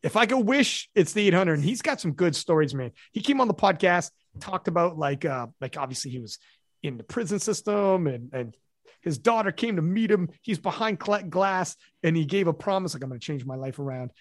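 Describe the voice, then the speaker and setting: A man hosting a podcast in casual chat, telling stories in a profane, animated way. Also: sits high, moderate pace, no room sound, clean studio sound. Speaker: podcast host.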